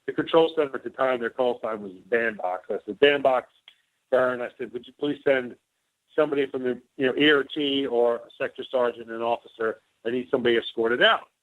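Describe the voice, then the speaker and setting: A man's voice: mid-range voice, fairly quick. A middle-aged man, a former White House officer, telling rambling anecdotes as an interview guest and acting out both sides of the dialogue. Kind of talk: casual storytelling interview. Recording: tinny phone line.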